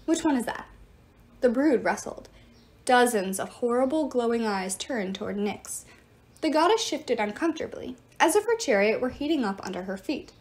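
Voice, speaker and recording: A woman narrating a fantasy novel aloud, dramatic and expressive. Her voice sits a touch high and moves a great deal in pitch from phrase to phrase. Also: moderate pace. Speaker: audiobook reader. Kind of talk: storybook narration.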